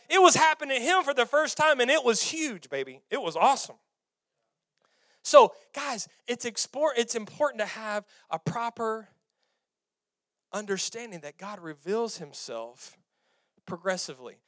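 In church, a male pastor delivers an animated sermon, swinging between quiet and loud passages and calling on the congregation to respond. His voice is very high-pitched, captured at studio quality with no room sound.

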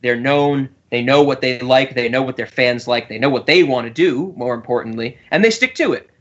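A man's voice: medium pitch, brisk, a bit bright, muffled recording. A man co-hosting a casual podcast, rambling and laughing often as he talks. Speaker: podcast co-host.

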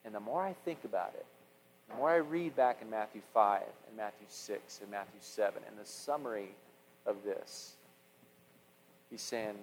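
A middle-aged man preaching a sermon as pastor, animated, with repeated words and restarts, swinging from loud passages to hushed ones. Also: fairly low pitch, normal speed, long reverb tail, slight background noise, rough recording.

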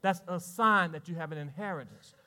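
A man preaches with a high, bright, forceful voice. He poses questions to his congregation and shifts between raised, ringing lines and quiet asides. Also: fairly quick. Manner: preaching with sudden swings between loud and hushed. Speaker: pastor. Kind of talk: sermon.

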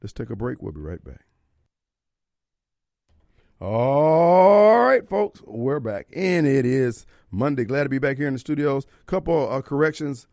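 A man's voice: mid-range voice, animated, normal speed, few pauses, a little mellow, no echo, studio quality. A man hosting a radio talk show, preaching his opinions and firing off rhetorical questions. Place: radio studio. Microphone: studio microphone.

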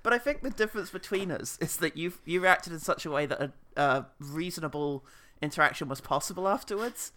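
A man's voice: fairly high pitch, expressive, a little fast, few pauses, sharp tone, a little hiss or hum. A British man in casual chat, dry and teasing, laughing often.

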